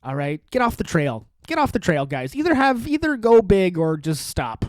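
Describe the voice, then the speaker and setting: A man's voice: high-pitched, big pitch swings, normal speed, no echo. A man hosting his own podcast, talking alone in a sarcastic, provocative, rambling way. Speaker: podcast host. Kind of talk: solo comedic podcast rant.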